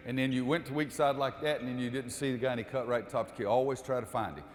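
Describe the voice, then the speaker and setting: A man's voice: medium pitch, fairly even intonation, fast talker, a little hiss or hum. A man running a basketball coaching clinic, calling out cues during drills and explaining the defense to the audience. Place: gym. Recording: echoey gym with long reverb.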